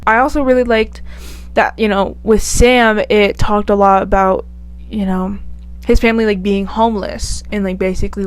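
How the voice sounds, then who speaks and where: A woman vlogger giving casual, chatty and animated commentary. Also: medium pitch. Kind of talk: casual tier-list commentary.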